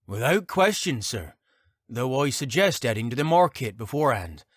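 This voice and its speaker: A man voicing a rough-voiced, formal male scout in an audiobook. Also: medium pitch, sing-song, normal speed, dry recording, studio quality, pitched above the performer's own voice. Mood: dutiful.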